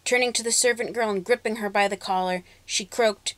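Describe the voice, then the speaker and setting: A woman's voice: mid-range voice, a little fast, no room sound. Woman narrating a fairy tale dramatically. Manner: expressive, dramatic pacing. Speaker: storyteller. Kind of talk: storybook narration.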